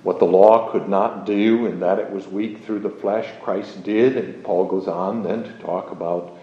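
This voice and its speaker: A man preaching a sermon in a slow, measured, emphatic way, explaining a psalm verse by verse. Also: lowish voice, steady tone, mellow. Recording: muffled, roomy recording.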